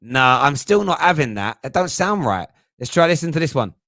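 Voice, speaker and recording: A man's voice: a little high, very animated, fairly quick, a bit bright, no room sound, clean studio sound. Chatty man hosting a phone-in. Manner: chatty, self-mocking, thinks aloud. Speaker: host of a fan phone-in show. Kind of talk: casual live-stream chat.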